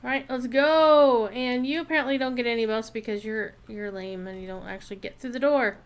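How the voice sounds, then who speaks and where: A woman's voice: on the high side, a little fast, clear, resonant tone. A woman streamer chatting casually and wryly while she plays a game, thinking aloud about her next moves. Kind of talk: casual gameplay commentary.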